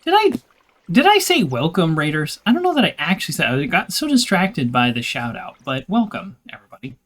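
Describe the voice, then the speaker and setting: A man's voice: a little high, big pitch swings, fairly quick, a bit bright. A man casually commenting as he plays on a livestream. He is chatty, self-deprecating, and laughs often. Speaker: game streamer. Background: game music.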